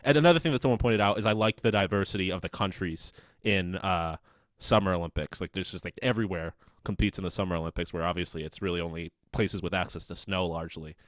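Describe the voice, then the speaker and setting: A man's voice: low-pitched, fast, no room sound, studio quality. A man co-hosting a casual sports podcast, rambling and swearing with many restarts. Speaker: podcast co-host.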